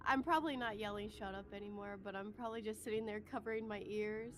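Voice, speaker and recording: A woman playing a tabletop game, speaking casually and haltingly, often laughing. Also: medium pitch, fairly even intonation, a bit bright, slight background noise. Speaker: player.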